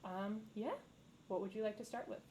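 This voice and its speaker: A woman's voice: mid-range voice, steady tone, normal speed, dark tone, a little hiss or hum, rough recording. A young woman narrating as dungeon master in a casual way, full of fillers and easy laughs. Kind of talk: narrating a tabletop game.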